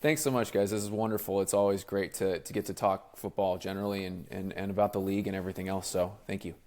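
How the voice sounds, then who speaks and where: A man explaining his refereeing work in a measured, thoughtful way during a casual interview. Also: low voice, steady tone, a little mellow. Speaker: professional referee guest.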